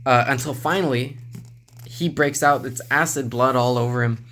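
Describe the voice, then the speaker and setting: A man's voice: mid-range voice, normal speed. Laid-back man rambling through a review. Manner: relaxed, rambling, many "uh" fillers, chuckles to himself. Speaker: manga reviewer. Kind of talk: casual video review.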